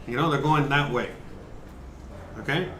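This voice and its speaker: A man's voice: medium pitch, a little slow, bright, forceful tone, reverberant, slight background noise. A man hosting a casual cooking livestream, chatting and explaining each step, cursing now and then. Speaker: cooking show host.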